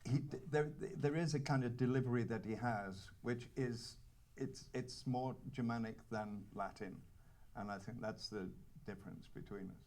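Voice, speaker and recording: A man from North Wales with a North Welsh accent, an actor telling anecdotes at a cinema Q&A in a halting, wry way full of restarts. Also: mid-range voice, a little mellow. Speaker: actor at a screening Q&A. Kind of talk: casual anecdotal panel talk. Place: cinema auditorium with audience.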